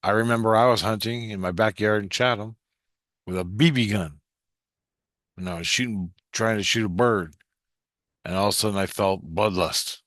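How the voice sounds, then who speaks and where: A man telling a rambling, profanity-laced story in a vlog, getting excited and then dropping low. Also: normal speed, long pauses, dry recording, studio quality. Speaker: vlogger recounting a vision. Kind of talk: rambling spoken monologue.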